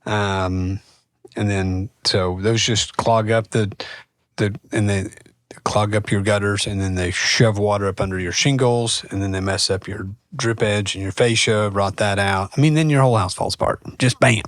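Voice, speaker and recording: A man's voice: lowish voice, fairly even intonation, moderate pace, dry recording, studio quality. A man co-hosting a casual show, giving practical home repair tips in a plainspoken, joking way. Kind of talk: casual how-to chat.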